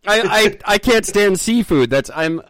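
A man's voice: high-pitched, expressive, measured pace, a bit bright, dry recording. A man co-hosting a casual podcast chat, laughing easily and making fun of himself. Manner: chatty, laughs often, self-deprecating.

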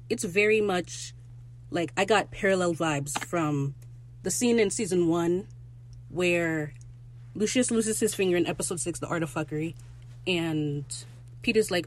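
A young woman hosting a casual solo podcast, gushing and excitable as she recaps a TV episode and quotes characters in quick asides. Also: on the low side.

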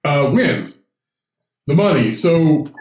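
A man with a high voice tells a story on a casual podcast, laughing, swearing and climbing into shouts. He sits off-mic in an echoey room, so the voice sounds distant. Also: lively intonation, takes it slowly, muffled recording. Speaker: podcast co-host. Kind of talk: casual chat.

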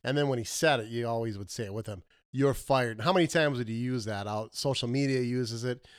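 A man co-hosting a casual podcast, animated and quick to laugh. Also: mid-range voice, smooth, no echo, studio quality. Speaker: podcast co-host. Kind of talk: casual chat.

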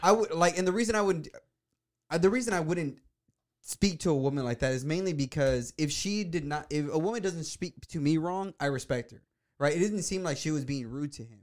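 A man co-hosting a casual reaction chat, defensive and halting, often repeating himself. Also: on the high side, expressive. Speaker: co-host.

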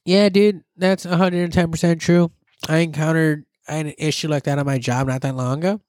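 A young man from Southern California, chatting casually on a podcast, loud and profane as he tells stories. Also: on the high side, brisk, no room sound, clean studio sound. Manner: loud, profane, animated storytelling. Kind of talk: casual chat.

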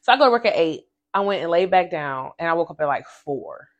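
A woman hosting a casual faith podcast, telling a personal story with animated, emphatic repetition and speaking straight to her listeners. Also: on the low side, fairly quick, dull audio. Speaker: podcast host.

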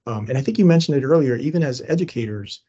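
A man's voice: mid-range voice, lively intonation, fast talker, dark tone, slightly rough, lo-fi sound. A middle-aged man from Cuba, an educator speaking as a podcast guest, talking earnestly and growing emphatic when he makes a point. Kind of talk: conversational podcast interview.

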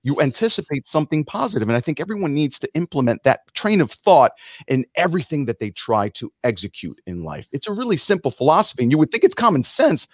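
A middle-aged man, a musician guest on a podcast, giving an animated motivational talk and acting out quotes in other voices. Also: fairly high pitch, fast, no room sound, clean studio sound.

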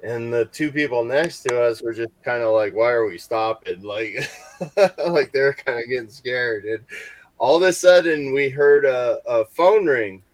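A man recounting a hunt for ghosts in loose, conversational talk. He rambles, circling back with fillers and restarts. His voice is mid-pitched and sits close and dry on the mic. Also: a little slow, no echo. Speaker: paranormal investigator. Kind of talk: casual storytelling on a podcast.

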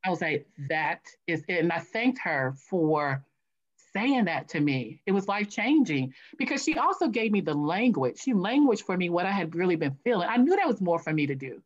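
A woman's voice: on the low side, a little fast, dull audio. A woman guest telling stories in an interview, acting out what she and others said. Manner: animated, acts out her own past voice. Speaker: guest, author. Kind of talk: interview storytelling.

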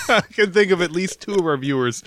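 A man's voice: high-pitched, a bit bright, no room sound. A man co-hosting a comedy podcast, trading dry, sarcastic quips in casual chat. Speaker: podcast co-host.

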